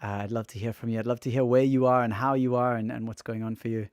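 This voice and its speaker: A man's voice: medium pitch, little pitch movement, quick pace, a little mellow, clear, resonant tone, no echo, studio quality. A man chatting openly on a livestream, feeling exhausted and emotional, his throat raw, rambling and restarting his sentences. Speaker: livestreamer and musician. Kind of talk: casual livestream chat.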